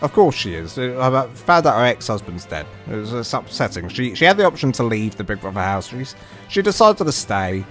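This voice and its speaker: A British man streaming a game and telling a rambling story, animated and full of restarts and asides. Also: medium pitch, fairly quick, faint music behind. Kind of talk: casual storytelling on a livestream.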